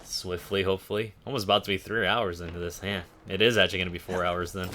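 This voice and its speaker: A man with a low voice talks through a game stream in a casual, joking way. His tone is bright and forceful, and he fills the play with dry, sarcastic remarks. A faint noise sits under the recording. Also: level tone, fast talker, hardly any pauses. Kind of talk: casual gameplay commentary.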